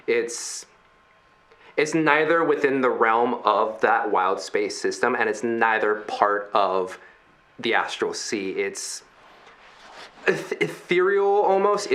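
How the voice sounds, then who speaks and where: A male game master narrating a tabletop adventure. He talks slowly with deliberate pauses. His voice is bright and forward. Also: medium pitch. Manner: slow, measured scene-setting with pauses.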